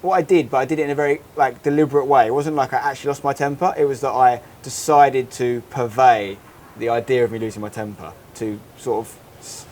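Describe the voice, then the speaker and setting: A man in his thirties, co-hosting a casual podcast and telling a story in an animated, rambling way. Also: mid-range voice, fairly quick, slight background noise. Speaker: podcast co-host. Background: faint outdoor holiday ambience.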